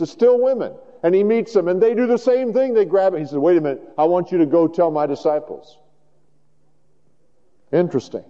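A man preaching a sermon in an animated way, moving between loud emphasis and hushed tones. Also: fairly high pitch. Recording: dull lo-fi sound with long hall reverb.

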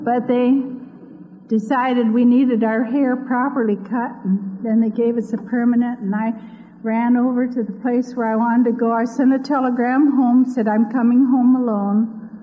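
A woman from Iowa gives an earnest, devout personal testimony, telling her story. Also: a little high. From Iowa, USA. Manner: earnest, devout, speaks openly of her faith. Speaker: speaker giving a personal testimony. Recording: tinny lo-fi audio with long hall reverb.

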